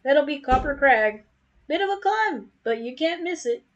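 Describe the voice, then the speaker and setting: A woman voicing an easygoing male merchant in a game, with a put-on American Southern accent and a deep drawl. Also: lively intonation, moderate pace, muffled recording.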